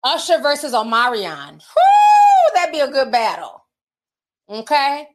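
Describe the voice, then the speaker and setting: Her voice is a little high, a bit bright and sing-song, at a measured pace, as she reads super chats on a casual livestream. She chats openly, laughs frequently and sprinkles in slang.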